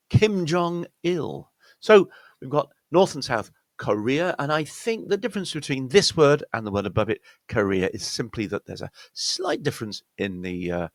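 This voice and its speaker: Gravelly British man teaching pronunciation. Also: mid-range voice, no echo. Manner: explains slowly with many fillers and self-corrections. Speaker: accent coach. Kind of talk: pronunciation lesson.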